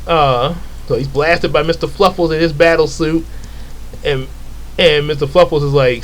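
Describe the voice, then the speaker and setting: A man's voice: a little high, steady tone, moderate pace, rough recording. A man casually retelling his comic book, rambling into asides and correcting himself.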